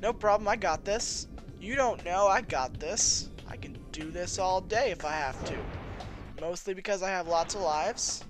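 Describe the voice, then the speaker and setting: A man's voice: high-pitched, moderate pace, faint music behind. A man giving casual, rambling, self-deprecating commentary while playing a video game. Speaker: let's play host.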